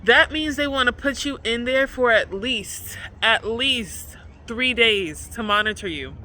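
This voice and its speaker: A woman's voice: medium pitch, pushed and bright, slight background noise. Woman venting candidly on a vlog. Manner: emphatic, repetitive, profane venting. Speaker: vlogger.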